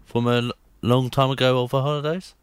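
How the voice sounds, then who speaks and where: A man's voice: medium pitch, little pitch movement, fairly quick, clear, resonant tone, dry recording. A man co-presenting a radio show in casual chat, laughing often.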